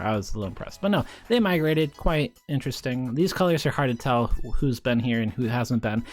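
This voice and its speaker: Excitable young man narrating a strategy game. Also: medium pitch. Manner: rambling, excitable, spikes into cheering. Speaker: gaming commentator. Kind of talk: casual gameplay commentary.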